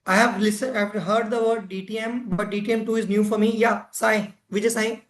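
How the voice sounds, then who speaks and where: A man's voice: high-pitched, level tone, fairly quick, fairly bright tone. A man leading an interactive workshop session, chatting and putting questions to his audience. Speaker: presenter of a club education session.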